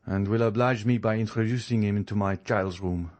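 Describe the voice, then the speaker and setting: A man's voice: fairly low pitch, fairly even intonation, fairly quick, a little mellow, close to an everyday voice. A man reading an audiobook who voices a grieving father in a formal, restrained manner.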